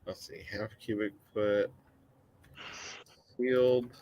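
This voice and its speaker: A man's voice: on the low side, fairly even intonation, takes it slowly, dull audio. A man joining a casual live-stream chat as a guest, laid-back and matter-of-fact about technical details.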